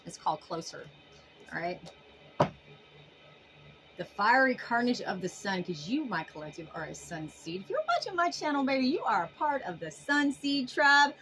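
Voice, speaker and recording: A woman giving a casual tarot reading to her viewers in an animated, emphatic way, often laughing. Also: fairly high pitch, normal speed, soft background music, poor audio. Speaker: tarot reader.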